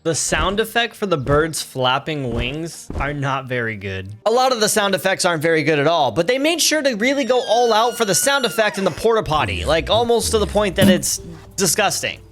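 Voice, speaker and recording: Male game-commentary host, sarcastic and animated, with a high-pitched voice. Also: soft background music. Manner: sarcastic, animated, quick to laugh. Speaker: gaming YouTuber. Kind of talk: gameplay commentary voice-over.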